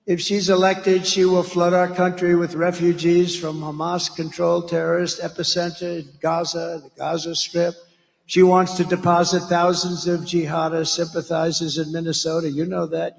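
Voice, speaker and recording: At a large campaign rally, a man speaking as a political candidate delivers blunt, rambling remarks packed with asides and name-calling. His voice sits high, gravelly and fairly bright, and the hall adds an echoey reverb.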